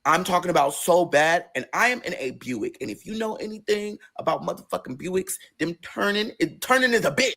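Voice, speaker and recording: A man telling a personal story in a casual, profane way, his pitch swinging between low, quiet stretches and high, excited bursts. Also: a little fast, vocal fry, hardly any pauses. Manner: acts out quoted voices in a high register.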